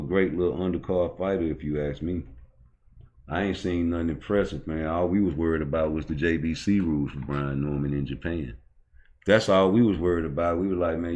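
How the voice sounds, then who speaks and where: A middle-aged man with a very low, deep voice, ranting on his own channel. He is blunt and profane, and his talk runs heated and loose. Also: darkish tone, dull audio. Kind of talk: casual opinion rant.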